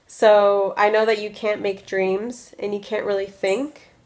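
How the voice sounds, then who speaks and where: A woman's voice: medium pitch, level tone, a little slow. A young woman from Russia telling a story in a casual vlog, talking loosely with lots of filler words. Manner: chatty, many "like" fillers. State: a little loopy from medication. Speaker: vlogger.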